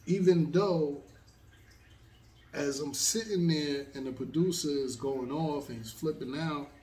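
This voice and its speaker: A man's voice: a little high, unhurried, darkish tone, echoey room, far from the mic. A man telling a long story in a casual, rambling way, with many fillers. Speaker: host.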